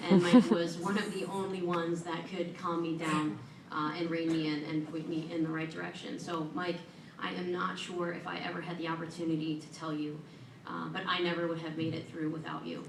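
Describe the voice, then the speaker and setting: Woman inductee, low-ish voice, earnest podium speech, echoey hall, heard from a distance. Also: little pitch movement, moderate pace, vocal fry, few pauses, background noise. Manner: earnest and warm, with self-deprecating humor. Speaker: hall of fame inductee giving acceptance speech. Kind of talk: prepared acceptance speech. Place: large event hall at an awards ceremony. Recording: echoey room, voice from far off.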